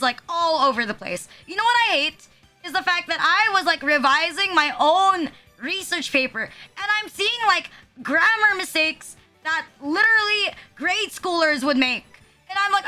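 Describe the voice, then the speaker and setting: Very high bright streamer ranting. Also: female voice. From Philippines. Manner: ranting, heavy use of "like", profane. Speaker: VTuber streamer. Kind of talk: casual chat. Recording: music playing behind.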